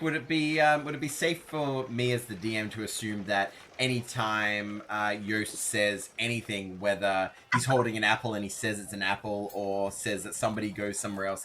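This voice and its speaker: A man's voice: fairly low pitch, fairly even intonation, normal speed, few pauses, pushed and bright, a little hiss or hum. Hesitant male game master. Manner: hesitant, lots of fillers. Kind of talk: narrating a tabletop game.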